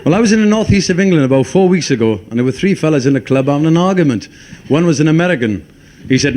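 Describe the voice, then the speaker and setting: A male stand-up comedian telling a joke in a relaxed, conversational way. He talks quickly in a slightly high voice.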